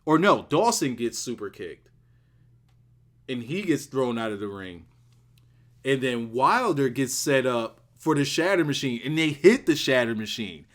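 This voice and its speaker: A man giving a casual solo video review of a wrestling show, excitable and rambling, repeating words for emphasis. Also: mid-range voice, a little slow.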